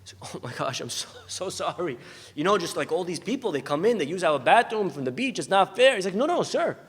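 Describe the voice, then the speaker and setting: A rabbi preaching to his listeners in a lecture hall, with long reverb trailing after each phrase. His voice sits fairly high for a man. He tells his story animatedly, acting out each of its characters. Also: lively intonation, brisk, breathy edge. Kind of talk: sermon with storytelling.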